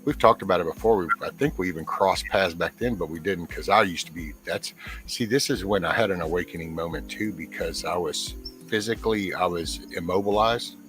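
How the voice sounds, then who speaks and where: Very deep-voiced man telling a long story. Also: brisk, music in the background, low-quality recording. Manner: rambling, earnest storytelling with many restarts. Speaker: guest panelist. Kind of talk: casual livestream chat. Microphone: camera mic.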